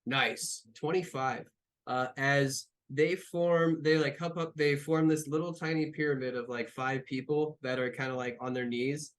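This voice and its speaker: A man's voice: mid-range voice, fairly even intonation, a little slow. A man running a tabletop game as game master, narrating loosely with fillers and restarts.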